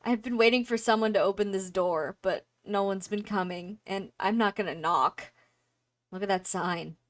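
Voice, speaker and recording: A woman voicing a weary, injured young woman trapped in a cave, with a raspy voice and a relieved, tired way of talking. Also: mid-range voice, normal speed, natural voice.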